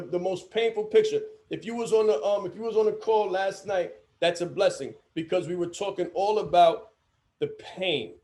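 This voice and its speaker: A man's voice: high voice, a little mellow. A man giving a training lecture to coaches, emphatic and given to repeating his key phrases.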